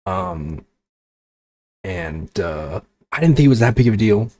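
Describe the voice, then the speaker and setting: Husky low-voiced man ranting. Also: expressive, unhurried, mellow. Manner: profane, exasperated ranting; sarcastic. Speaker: VTuber streamer. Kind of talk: casual livestream chat.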